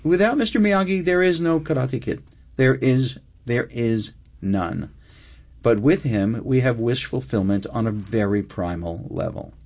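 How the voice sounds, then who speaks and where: An older man, a writer guest, talking reflectively and emphatically, slowing down to drive points home. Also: mid-range voice, vocal fry, darkish tone, slightly rough. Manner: expansive, emphatic, slows down for key points. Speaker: screenwriter guest. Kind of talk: reflective interview talk. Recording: dull lo-fi sound.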